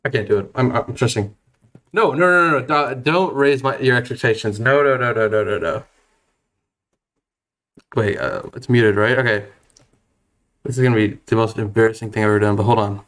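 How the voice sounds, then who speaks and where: A man's voice: medium pitch, normal speed, long pauses, fairly bright tone. Nervous, stammering young male streamer. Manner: nervous, self-deprecating, stammering, laughing often. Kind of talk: casual live-stream chat.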